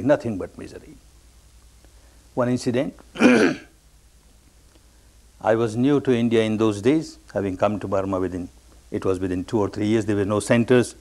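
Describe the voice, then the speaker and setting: A meditation teacher giving a discourse, telling a story with emphatic repetition, rising on stressed phrases and sinking to quiet endings. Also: male voice. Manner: swings between raised, stressed phrases and low, quiet endings.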